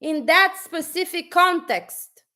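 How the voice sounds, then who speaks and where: A woman's voice: very high voice, expressive, slow pace, sharp tone. A woman giving an unscripted motivational talk on a live stream, blunt and preachy, often restarting her sentences and swearing casually. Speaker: motivational speaker.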